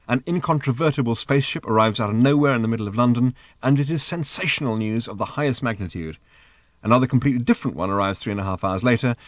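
A man's voice: medium pitch, no echo. Man narrating an audiobook, dry sound. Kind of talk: scripted narration.

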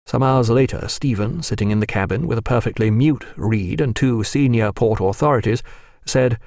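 A man narrating an audiobook in expressive storytelling style, close to the microphone. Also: mid-range voice, normal speed, no room sound. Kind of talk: scripted narration.

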